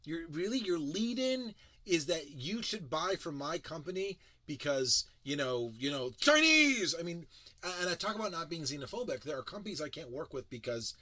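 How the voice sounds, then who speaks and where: A man's voice: a little high, lively intonation, moderate pace, fairly bright tone, no echo. A man giving casual, critical commentary as a tech show reviewer, emphatic and sarcastic, with frequent restarts.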